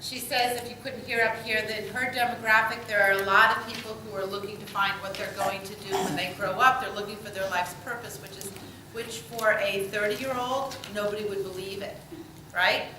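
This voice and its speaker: A woman rabbi guides a small group discussion, calling on people by name and answering warmly with light jokes. She is picked up from across an echoey room, and the air is full of background hiss. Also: mid-range voice, steady tone, brisk, distant mic. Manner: warm, affirming, lightly joking. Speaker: rabbi leading a study group. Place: synagogue meeting room.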